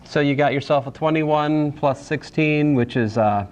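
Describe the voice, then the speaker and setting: A man's voice: fairly high pitch, unhurried, a little mellow, a little hiss or hum. A man teaching a college algebra class in a casual, rambling way, restarting phrases and making jokey asides. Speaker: math instructor. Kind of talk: classroom lecture.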